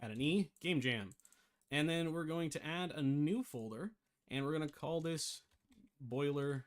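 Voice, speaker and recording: A man's voice: a little high, lively intonation, normal speed. A man giving a casual screen-share tutorial on game development, rambling, correcting himself and thinking aloud, with the hiccups.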